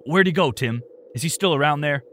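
Man playing an erratic older uncle, urgent and secretive, mid-pitched. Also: big pitch swings, a little fast, a little hiss or hum. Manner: loud, urgent, trailing into whispers.

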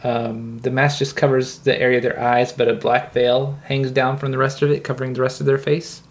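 A man narrating as the game master of a tabletop game, his voice sitting at a middle pitch. He talks in a relaxed, halting way, full of ums. He describes each scene step by step. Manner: relaxed, hesitant with fillers.

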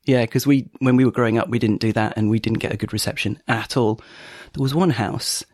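A man's voice: mid-range voice, fairly even intonation, fairly quick, darkish tone, no echo, studio quality. A man hosting a podcast in casual chat, laughing often and filling gaps with ums. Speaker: podcast host.

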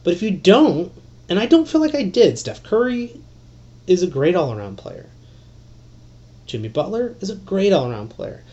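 A man hosting a solo fantasy basketball podcast, rambling and excitable, with lots of fillers and some swearing. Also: high voice, moderate pace, long pauses, highs cut off.

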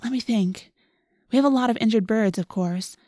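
Woman doing a gentle thoughtful teen girl. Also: on the high side, moderate pace, no room sound, studio quality, voice pushed up, lightly acted.

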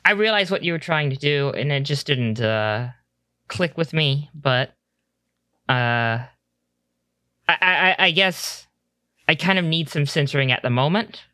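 A game master voicing Valerie, a hesitant young adventurer woman who talks in halting starts full of fillers and restarts. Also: mid-range voice, animated, bright, forceful tone, clean tone, no room sound, studio quality. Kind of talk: tabletop role-play in character.

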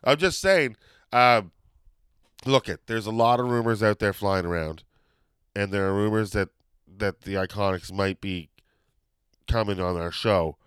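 A man hosting a podcast, chatting casually in a rambling, excitable way that keeps drifting off track. His voice is smooth and resonant, and it sounds dry and close to the mic. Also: on the low side, unhurried, pauses often, dry recording. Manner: rambling, excitable, loses his train of thought. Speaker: podcast host.

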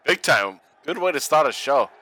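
A man co-hosting a casual watch-along podcast, joking, profane and excitable. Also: on the high side, normal speed, no echo, poor audio. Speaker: podcast co-host.

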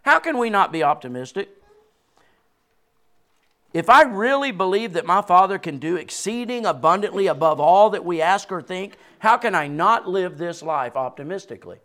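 A man in his sixties preaching a sermon, swinging between loud peaks and quiet drops and chuckling between points. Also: sits high, normal speed. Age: 60s. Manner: animated preaching with sudden rises and drops. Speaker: pastor.

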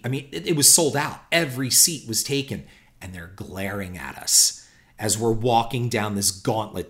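Animated middle-aged man telling a story. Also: medium pitch. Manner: animated, blunt and profane, acting out the shouting. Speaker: storyteller recalling his old job. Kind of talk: casual spoken anecdote.

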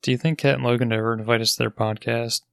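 A man's voice: mid-range voice, steady tone, fast talker, gravelly, clear, resonant tone, no echo, clean studio sound. A man co-hosting a podcast, joking and wry in casual chat. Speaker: podcast co-host.

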